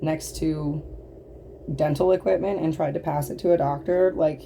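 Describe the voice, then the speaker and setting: A woman's voice: low voice, fairly even intonation, moderate pace, creaky, warm tone, slight background noise. A woman telling a storytime rant, indignant and exasperated, blunt, swearing, and full of fillers.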